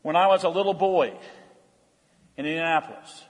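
Pastor, male, high and husky voice; big shifts from proclaiming to hushed; church hall echo. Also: moderate pace. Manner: dramatic swings from loud proclaiming to hushed intensity. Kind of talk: sermon. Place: church sanctuary. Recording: long church hall reverb.

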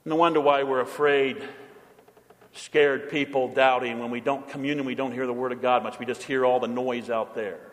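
Male pastor giving a sermon, swings from big declarations to soft asides, echoey sanctuary. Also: mid-range voice, fairly even intonation, normal speed. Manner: emphatic, swings between loud proclamation and quiet asides.

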